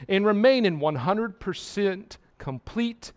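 High-voiced man preaching with emphatic swings. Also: animated, unhurried, hardly any pauses, a little mellow. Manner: repeats key words for emphasis. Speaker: pastor. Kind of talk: sermon.

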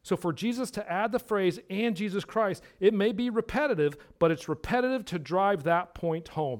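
A man with a fairly high voice preaching a sermon. He drives each point home by repeating words, dropping to a hush and then rising loud. His voice drifts nearer and farther from the mic. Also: animated, moderate pace, few pauses. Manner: emphatic preaching, repeats words for emphasis, swings between hushed and loud. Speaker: pastor.

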